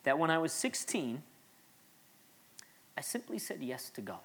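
A man's voice: on the high side, very animated, unhurried, fairly bright tone, a little hiss or hum. A man in his late thirties, a pastor preaching an earnest, conversational sermon with frequent restarts and asides.

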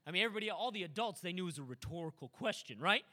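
A man preaches with a high, bright voice that leaps and dips all over the place. He drops into quiet asides, then climbs to loud, ringing shouts as he drives his point home. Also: lively intonation, very fast. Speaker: pastor. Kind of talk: sermon.

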